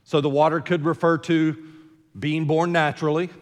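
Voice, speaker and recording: A man's voice: on the high side, little pitch movement, moderate pace, long reverb tail. An older man preaching a sermon as senior pastor, talking in a conversational way with joking asides and repeating words as he starts a thought. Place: church sanctuary.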